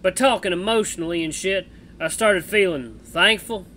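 A man voicing a gruff, foul-mouthed male bat-man with a put-on cowboy drawl, reading a visual novel aloud in a loud, blunt way. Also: high voice, moderate pace, a little hiss or hum, voice pushed up.

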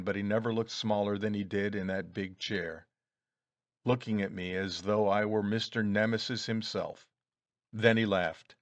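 A man reading a first-person story aloud in a measured, deliberate way. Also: fairly low pitch, fairly bright tone, no echo. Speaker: audiobook reader.

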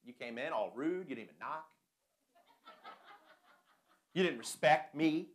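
A man's voice: on the high side, animated, measured pace. A man voicing a whiny, stubborn adult who refuses any correction, mocking and petulant. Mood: indignant.

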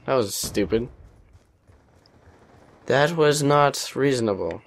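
A young man talks over a headset while he plays, giving casual commentary. He rambles on, runs himself down and swears freely. His voice sits at an ordinary middle pitch. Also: unhurried. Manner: rambling, self-deprecating, swears often. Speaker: gaming commentator.

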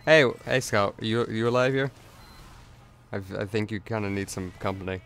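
A man's voice: on the low side, normal speed, fairly bright tone, slight background noise. A man giving casual let's play commentary, rambling with stammered restarts and chuckles.

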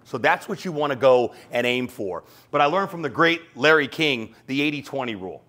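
Animated man coaching on podcasting. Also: mid-range voice. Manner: fast, animated, acts out quoted exchanges. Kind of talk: energetic talk to an audience.

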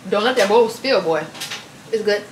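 A young woman with a drawl chatting casually at home for her vlog, lively and teasing, often calling people baby. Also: mid-range voice, normal speed, slight background noise. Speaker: vlogger. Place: home kitchen.

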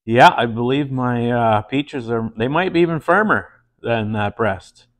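A man playing a down-on-his-luck farmer hawking peaches, talking in a plain, folksy way with a glum edge. He is a character in a slowly told spoken joke and speaks unhurriedly. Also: mid-range voice, lightly acted. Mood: earnest. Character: weary male farmer selling peaches door to door.

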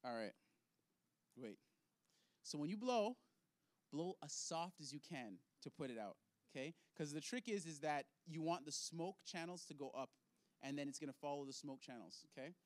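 A man's voice: on the high side, expressive, moderate pace, no echo. A man leading an object lesson for kids in a children's ministry, upbeat and playful, laughing often.

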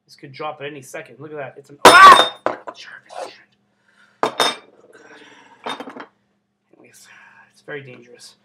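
A young man from Canada vlogging casually, excitable and swearing constantly. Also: medium pitch, moderate pace, vocal fry, long pauses. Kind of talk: casual unboxing vlog.

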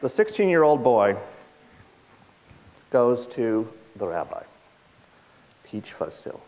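A man telling jokes with animated delivery to a live audience. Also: mid-range voice, slow pace, highs cut off, a little hiss or hum. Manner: animated storytelling. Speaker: guest joke teller. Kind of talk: live stage joke telling.

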